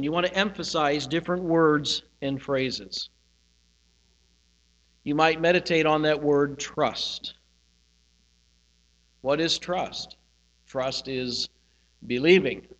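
A male pastor giving a sermon, teaching in a slow, reflective way and pausing on single words. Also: on the high side, a bit bright. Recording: hall reverb with mains hum.

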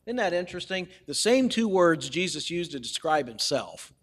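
A man preaching a sermon as a pastor, measured and deliberate, with pauses for emphasis and light humorous asides. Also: sits high, a bit bright, big-room sound.

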